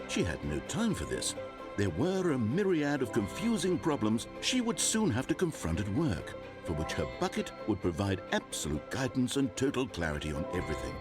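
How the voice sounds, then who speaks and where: Casting: a dry, meddling video game narrator with a lively, swooping delivery. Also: male voice, on the low side. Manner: dry, mock-grave storytelling with sudden pleading asides. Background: game music.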